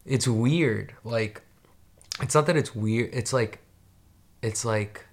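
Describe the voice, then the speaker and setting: A man's voice: medium pitch, takes it slowly. A young man in casual chat on a podcast, rambling with many fillers and swearing freely.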